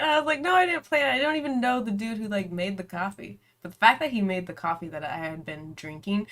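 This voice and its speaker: A woman's voice: medium pitch, a bit bright. Giggly, rambling young woman vlogger. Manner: chatty and giggly, breaks into laughter often; rambling, with many "like" and "um" fillers. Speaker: book vlogger hosting reading sprints. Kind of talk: casual storytelling chat.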